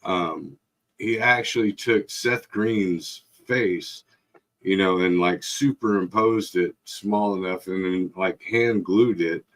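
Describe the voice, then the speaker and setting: A man's voice: deep voice, slow. A man casually telling a rowdy story, swearing constantly and jumping into other people's voices as he goes. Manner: profane, animated retelling with voiced quotes. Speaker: podcast co-host.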